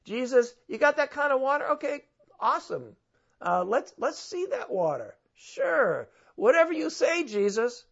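A man voicing a sarcastic, skeptical woman at a well, raising his voice high to mock and dismiss. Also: very animated, a little slow, gravelly, fairly bright tone, lo-fi sound, heavily acted. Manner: mocking, dismissive.

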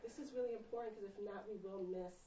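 A woman's voice: medium pitch, fast, warm tone. Earnest woman in her forties, off-mic and roomy. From Caribbean. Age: 40s. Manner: earnest, searching, emotional. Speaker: audience member asking a question. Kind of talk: conversational discussion. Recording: roomy, distant, muffled, faint noise.

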